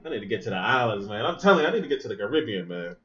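Man, podcast host, loose profane movie-reaction chat, lively swinging pitch, dull lo-fi sound. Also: very fast. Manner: animated, profane, thinks aloud with asides. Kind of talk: casual movie reaction commentary.

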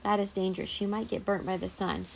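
A woman voicing a huge, sinister male servant in a children's storybook, speaking slowly and ominously. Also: mid-range voice, flat delivery, creaky, slight background noise, natural voice, low-quality recording. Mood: menacing. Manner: slow, ominous.

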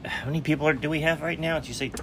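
A man co-hosting a casual podcast, joking and loud as he chats with his friend. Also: on the high side, fairly even intonation, very fast, slight background noise. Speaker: podcast co-host. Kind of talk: casual chat.

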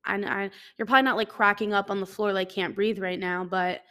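A woman's voice: mid-range voice, fairly even intonation, brisk, fairly bright tone, clear, resonant tone. A young adult woman hosting a casual solo podcast, rambling and self-deprecating, swearing offhandedly as she chats. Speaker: podcast host. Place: living in a hot city.

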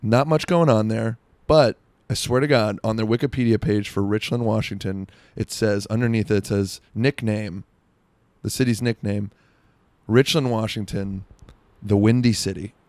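Fairly low and a little mellow, this young man from South Florida keeps an even intonation at a normal pace. He rambles crudely through a comic bit, cutting himself off and saying "like" over and over, with no room sound behind him.

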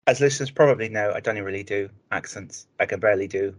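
A man co-hosting a hobby podcast, speaking in a measured, explanatory way with frequent restarts. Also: on the low side. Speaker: podcast co-host. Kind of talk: casual chat.

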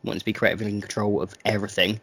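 A man's voice: fairly low pitch, flat delivery, racing, fairly bright tone, breathy edge, dry recording. Jokey young Welsh man, dry close mic. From Wales. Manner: crude, jokey, laughs often. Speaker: podcast co-host. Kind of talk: casual chat.

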